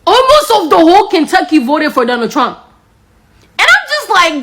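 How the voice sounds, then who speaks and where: Woman ranting on social media, high bright voice, keeps laughing. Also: very animated, moderate pace. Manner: laughing, mocking, chatty. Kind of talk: casual social media video.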